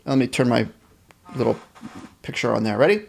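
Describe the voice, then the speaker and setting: A man's voice: medium pitch, lively intonation, normal speed, creaky, faint music behind. A man teaching a live online band class, cheerfully reading chat questions aloud and encouraging students. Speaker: music teacher.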